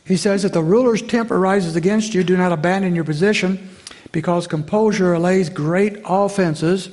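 A man's voice: sits high, normal speed, a little mellow. A man preaching a sermon as pastor, earnest and direct, often restarting his phrases and calling the listeners folks. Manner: addresses congregation as folks.

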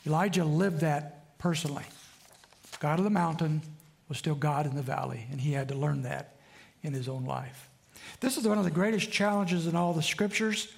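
A man's voice: a little high, moderate pace, creaky. A man preaching a sermon in a conversational way, often asking the congregation for responses. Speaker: pastor.

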